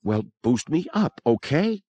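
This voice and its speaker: A man reading aloud, voicing a sharp-tongued young woman who panics when the floor gives way. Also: medium pitch, wildly swooping pitch, normal speed, dry recording, voice pushed up. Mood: panicked. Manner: snappish, then panicked.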